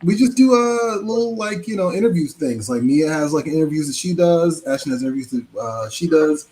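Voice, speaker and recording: A man chatting and laughing as a panelist in a casual online game night, lively in his banter. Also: fairly high pitch, a little fast. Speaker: show co-host and panelist. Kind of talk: casual game chat over video call.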